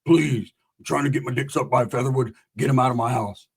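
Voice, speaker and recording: A man's voice: medium pitch, fast talker, gravelly, slightly rough, pitched below the performer's own voice. A man voicing his broke, crude friend, who pleads and rambles with lots of swearing. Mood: pleading.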